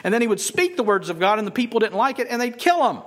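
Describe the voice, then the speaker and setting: A man's voice: very high-pitched, very animated, fast, fairly bright tone. A man preaching a conversational sermon, rising emphatically on key points. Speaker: pastor.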